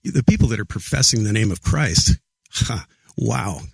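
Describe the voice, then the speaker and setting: A man's voice: on the low side, animated, gravelly, husky, dry recording. Earnest middle-aged man telling his story. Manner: earnest, halting, repeats words while recounting. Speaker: podcast guest. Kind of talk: casual storytelling interview.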